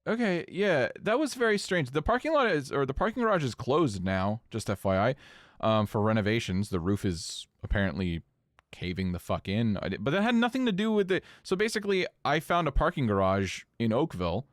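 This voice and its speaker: A man co-hosting a podcast, telling a story in casual chat, animated and swearing freely. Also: brisk, no room sound, clean studio sound. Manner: animated, swings pitch up when incredulous, swears casually. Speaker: podcast co-host.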